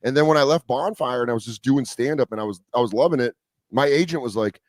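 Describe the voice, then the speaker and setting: A man's voice: mid-range voice, fast talker, no echo. A man chatting on a studio mic in a dry, close sound, spinning stories with lots of energy. He swears casually and jumps into quoted voices as he goes, an easygoing comedian on a talk show. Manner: animated storyteller who acts out quoted voices, swears freely. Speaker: comedian guest. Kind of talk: casual storytelling chat.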